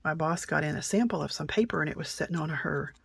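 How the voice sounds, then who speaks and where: Middle aged lady doing a craft video, rambly and chatty, bit of vocal fry, goes quiet and whispery while working. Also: sits low, fast, dry recording. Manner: chatty, rambling, many fillers and restarts; drops to soft near-whisper while working. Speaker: craft channel host. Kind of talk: casual crafting tutorial with stories.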